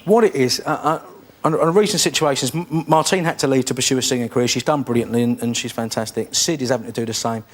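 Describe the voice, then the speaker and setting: A man's voice: medium pitch, quick pace, few pauses. Chatty man telling stories. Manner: chatty storyteller, tumbling restarts. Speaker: chat show guest. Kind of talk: telling an anecdote and a joke. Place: TV studio.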